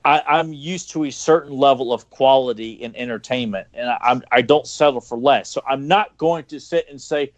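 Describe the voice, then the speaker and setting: A man's voice: medium pitch, moderate pace, hardly any pauses, dry recording. Man, podcast co-host, sarcastic rants, profane, dry close sound. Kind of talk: casual podcast chat.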